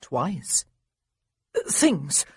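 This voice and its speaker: Woman narrator doing a flustered 12yo boy, blurty, kinda husky. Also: deep voice, very animated, drawn-out words, dry recording, clean studio sound, exaggerated voice. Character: awkward, flustered twelve-year-old boy.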